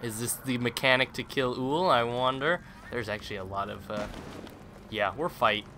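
A man's voice: medium pitch, moderate pace, a little hiss or hum. Young man joking through game commentary. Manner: playful, jokey, loud sudden outbursts. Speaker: let's play host. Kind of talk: gameplay commentary.

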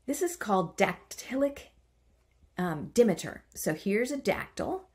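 A woman's voice: lowish voice, very animated, moderate pace. A woman teaching a writing workshop. She chants the stressed beats aloud and adds playful, self-mocking asides. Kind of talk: online writing lesson.

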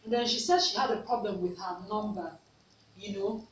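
A woman's voice: medium pitch, moderate pace. A Nigerian woman vlogger telling a personal story, earnest, repeating herself for emphasis. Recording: echoey room, mic at a distance, faint noise.

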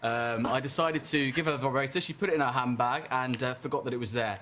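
A man's voice: mid-range voice, a bit bright, a little hiss or hum. A man from the audience telling a funny anecdote with fillers. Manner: brisk storytelling with fillers. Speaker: audience member telling a story.

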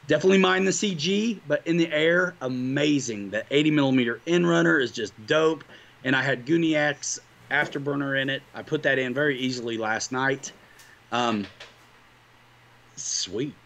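A man co-hosting a livestream talks hobbies with his viewers in an upbeat, rambling, casual chat. His voice is mid-range and gravelly with a fairly bright tone.

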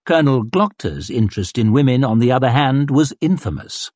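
Male audiobook narrator, breathy, lively pitch, wry, dry close sound. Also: fairly quick, few pauses, no echo. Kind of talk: scripted narration.

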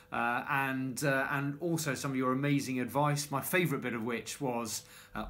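A man's voice: mid-range voice, fairly bright tone. A man giving a jovial, reminiscing farewell message, with uhs. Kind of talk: casual video greeting.

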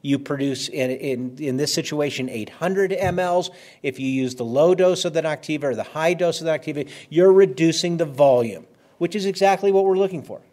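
A man's voice: fairly high pitch, a little fast, a little mellow. A man giving a conversational medical lecture, stressing key words and repeating them for emphasis. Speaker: physician lecturer.

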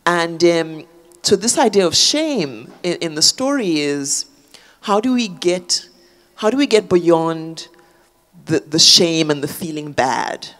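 A woman's voice: on the low side, lively intonation, slow pace, fairly bright tone. A woman, an author, speaking thoughtfully in a public on-stage conversation, with many fillers and restarts. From South Africa. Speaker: author guest.

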